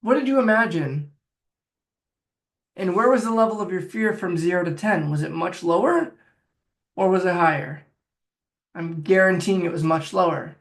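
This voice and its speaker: A man's voice: high voice, moderate pace, long pauses, fairly bright tone. A man working as a phobia coach, talking the listener step by step through a guided self-help exercise. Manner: directive, coaching, talks viewer through steps.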